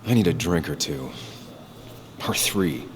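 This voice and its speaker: A deep-voiced brooding man. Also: animated, unhurried. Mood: subdued. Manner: terse, subdued. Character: brooding man returning to his hometown. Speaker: video game protagonist. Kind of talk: game voice acting.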